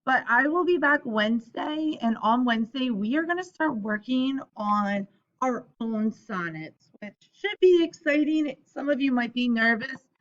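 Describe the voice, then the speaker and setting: A woman's voice: on the high side, expressive, unhurried, fairly bright tone. Friendly woman teacher, slightly dull recording. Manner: friendly, explanatory, casual asides. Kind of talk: recorded lesson for students.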